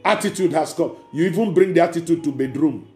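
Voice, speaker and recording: Male preacher, fairly high yet mellow voice, emphatic repetitive sermon, echoey hall with faint music behind. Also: fast talker. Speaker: pastor.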